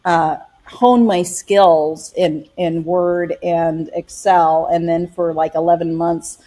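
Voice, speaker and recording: A middle-aged woman pastor and author, chatting as an interview guest, telling stories in a lively way with acted-out quotes and frequent laughter. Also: lowish voice, slow pace. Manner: animated storyteller, acts out quotes, laughs often. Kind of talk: casual interview chat.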